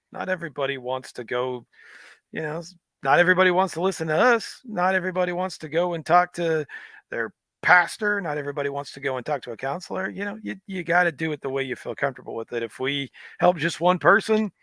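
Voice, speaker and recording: A man's voice: on the high side, sharp tone, no echo. A man co-hosting a casual faith podcast, speaking in an encouraging, preachy way and often affirming his partner. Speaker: podcast co-host.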